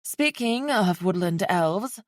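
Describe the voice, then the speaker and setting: A woman voicing a guarded young elf warrior queen who speaks low, curt and firm. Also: lively intonation, measured pace, dry recording, clean studio sound.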